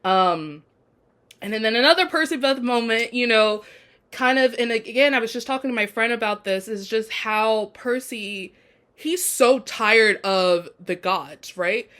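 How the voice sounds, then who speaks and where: Woman, casual video review, chatty, effusive, filler-heavy, slightly high voice. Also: unhurried, a bit bright. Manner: chatty, effusive, frequent fillers like "um" and "you know". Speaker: TV show reviewer.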